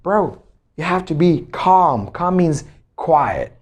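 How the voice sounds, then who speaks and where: Slow, repetitive male English teacher. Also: fairly high pitch, very animated. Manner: slow, drills words with many repetitions. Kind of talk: pronunciation lesson.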